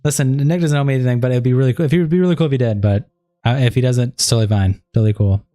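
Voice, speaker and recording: A man hosting a casual livestream, chatting with viewers in a loose, profane way, full of fillers and sarcastic, deadpan asides. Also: medium pitch, rapid-fire, no echo, clean studio sound. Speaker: livestream commentary host.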